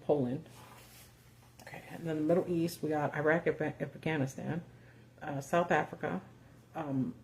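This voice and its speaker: Low, mellow-voiced woman in casual profane commentary. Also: a little hiss or hum. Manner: casual and profane, sarcastic asides, many fillers. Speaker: host of a live video. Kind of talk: casual live-stream commentary.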